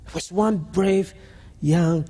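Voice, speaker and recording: Earnest man with a husky, mellow voice. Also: high voice. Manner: halting, earnest storytelling with restarts. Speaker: preacher. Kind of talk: sermon storytelling.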